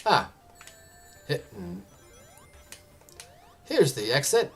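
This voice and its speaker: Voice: mid-range voice, huge pitch swings, extremely slow, slightly rough, faint music behind. A gamer giving casual commentary while playing, muttering encouragement to themselves and joking with chat. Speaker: let's play gamer.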